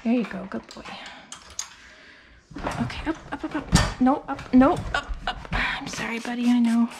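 A woman grooming a dog, talking casually and coaxing it softly as she works. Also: fairly high pitch, fairly even intonation, moderate pace, background noise. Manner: soothing and coaxing, talks to the dog. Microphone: phone.

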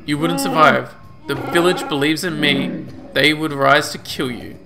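A man reading a proud, scheming male Wookiee chieftain's lines with slow, pompous proclamations. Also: on the high side, steady tone, gravelly. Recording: game music under voice. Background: game music.

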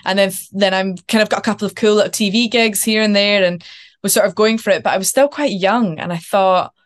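An actress chatting as a podcast guest, animated and storytelling, with casual swearing. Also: female voice, mid-range voice, fairly quick. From Scotland. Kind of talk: casual interview chat.

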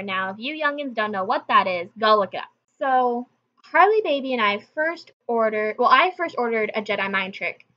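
A woman's voice: a little high, expressive, moderate pace, lo-fi sound. A young woman hosting her own channel, telling a story in a casual, chatty way straight to her viewers. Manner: chatty, conversational, addresses viewers directly. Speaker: channel host.

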